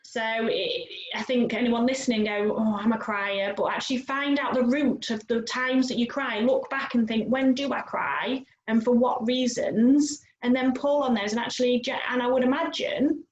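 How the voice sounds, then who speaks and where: A woman's voice: on the high side, fairly even intonation, moderate pace, hardly any pauses, highs cut off. A woman hosting an interview as a coach, talking reflectively and at length with many asides. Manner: reflective, talkative, frequent "you know". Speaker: host and coach. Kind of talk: conversational interview. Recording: echoey room.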